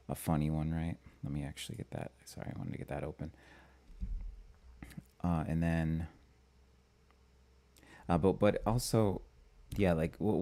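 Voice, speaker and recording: Male stream host from Minnesota with a very deep, mellow voice; casual, halting delivery full of fillers. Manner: halting, lots of restarts and fillers. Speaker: astrology channel host. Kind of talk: live-stream commentary.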